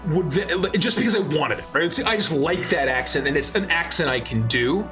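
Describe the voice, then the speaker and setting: A man's voice: high voice, animated, brisk, hardly any pauses, over music. A man talking on a casual talk show, explaining game-master advice with emphasis.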